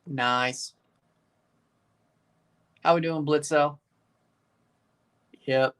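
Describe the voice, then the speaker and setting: A man's voice: on the high side, fairly even intonation, very slow, a bit bright, clear, resonant tone. A man hosting a live match watchalong, chatting casually, rambling and answering his chat. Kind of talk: casual live reaction commentary.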